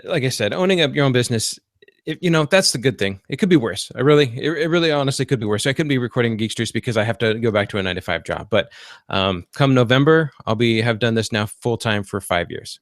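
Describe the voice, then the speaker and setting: A man's voice: mid-range voice, expressive, fast, dry recording, studio quality. A male podcast host, a computer repair business owner, talking in a loose, rambling way with lots of fillers and restarts. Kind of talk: casual podcast chat.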